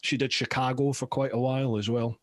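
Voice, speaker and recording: A man's voice: mid-range voice, level tone, brisk, no room sound. A man hosting a podcast, chatting casually and laughing easily, on a close, dry microphone. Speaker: podcast host. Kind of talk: casual chat.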